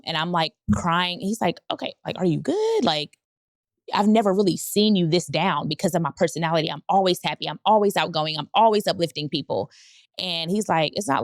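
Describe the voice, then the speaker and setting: Lively low-voiced woman telling a story. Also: dry recording, clean studio sound. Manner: animated, jumps high when quoting people. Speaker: podcast host. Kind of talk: candid storytelling monologue.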